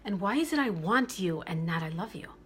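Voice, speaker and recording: A woman's voice: lowish voice, animated, brisk, a little hiss or hum. A woman from Brooklyn, giving relationship advice in an emphatic monologue that repeats its key phrases. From Brooklyn, New York.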